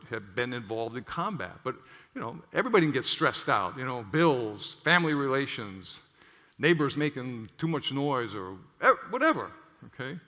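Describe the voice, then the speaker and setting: A male clinician giving an animated lecture with stories, often checking in with "okay?". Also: fairly high pitch. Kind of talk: lecture with storytelling. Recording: long hall reverb.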